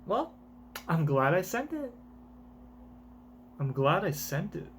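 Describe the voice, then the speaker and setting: Man reading a manga aloud, putting on a coy, scheming woman scientist, sing-song and mock-innocent, at a slow pace. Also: sits high, very animated, a little hiss or hum, full character voice. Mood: teasing.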